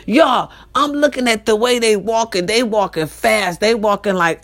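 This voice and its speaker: A woman hosting a casual talk show, telling a story to her listeners in a lively, profane, chatty way. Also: fairly high pitch, moderate pace, hardly any pauses. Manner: animated, profane, addresses listeners directly.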